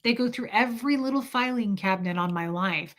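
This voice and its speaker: A woman's voice: fairly high pitch, fairly quick, fairly bright tone. A woman hosting a casual livestream, chatting candidly and reacting to viewer comments and super chats.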